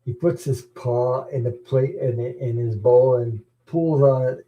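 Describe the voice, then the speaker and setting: Middle-aged male host, warm relaxed voice, rambling easy chat with chuckles and restarts. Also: mid-range voice, slow pace, low-quality recording. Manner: rambling, chuckling, repeats words. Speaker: tarot channel host. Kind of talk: casual chat.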